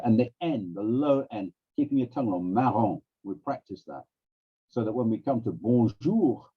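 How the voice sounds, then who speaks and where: A man presenting a teaching workshop over a video call, voice swooping high and low as he acts out classroom questions. His tone is slightly husky, and the dull, lo-fi call audio takes the sparkle off it. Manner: animated, acts out classroom prompts with big pitch swings. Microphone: video call microphone.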